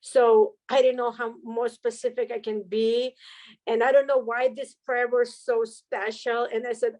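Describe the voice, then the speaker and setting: Woman, middle-aged, interview guest, personal testimony, candid, heartfelt, laughs through hardship, higher voice. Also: unhurried, rough recording. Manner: candid and expressive, laughing through hard moments; earnest, heartfelt.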